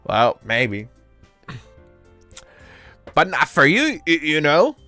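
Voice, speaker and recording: A woman's voice: low voice, wildly swooping pitch, slow pace, bright, forceful tone, no room sound, soft background music, heavily acted. A woman voicing a prickly, defensive teenage girl in a casual game read-along. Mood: huffy. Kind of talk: casual voice acting.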